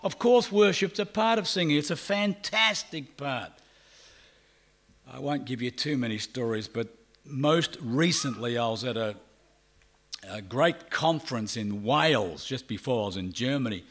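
A middle-aged man with an Australian accent preaching a sermon. He shifts between loud, drawn-out emphasis and quiet, fast asides. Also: medium pitch, animated. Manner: acts out quoted people in brief voices.

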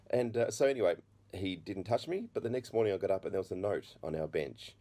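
A middle-aged man sharing his personal testimony, halting with many restarts, and a slight cough. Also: low voice, expressive, warm tone. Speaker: speaker giving his testimony.

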